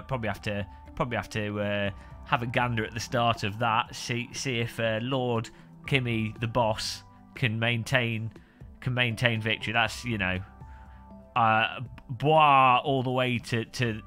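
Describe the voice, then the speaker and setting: A man's voice: mid-range voice, pushed and bright. A man hosting a casual live stream, rambling and joking while greeting viewers by name.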